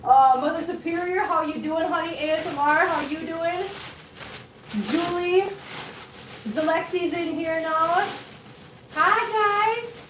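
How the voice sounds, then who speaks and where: A woman's voice: very high voice, fairly even intonation, slow, pauses often. Chatty woman cooing at her cats. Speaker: vlog host. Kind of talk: casual livestream chat. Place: home room with litter boxes. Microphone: phone. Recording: echoey room with faint noise.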